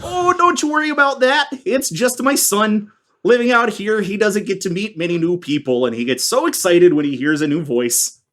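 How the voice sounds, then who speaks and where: Man putting on a high falsetto small-town mom, folksy, doting, defensive. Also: moderate pace. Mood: sweet folksy. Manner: sweet folksy falsetto, turns sharp when pushed.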